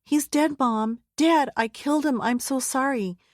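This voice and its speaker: Woman performing a frightened young woman, crying, pleading, higher-pitched, dry studio. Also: unhurried, no echo. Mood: distraught. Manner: pleading, breathless urgency. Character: terrified young woman in her twenties, shaken and crying. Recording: dry close studio sound.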